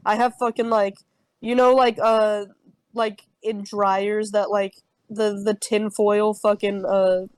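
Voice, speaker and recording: A woman's voice: medium pitch, level tone, slow, clean tone, no room sound, rough recording. A young woman telling an improvised comic campfire story on a podcast, rambling with heavy swearing and many fillers. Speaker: podcast co-host.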